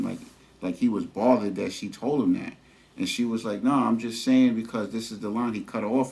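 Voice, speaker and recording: New man, casual vlog storytelling, slangy and chatty, lowish voice. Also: brisk, darkish tone. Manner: conversational, slangy, lots of fillers and "you know what I'm saying". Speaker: vlogger.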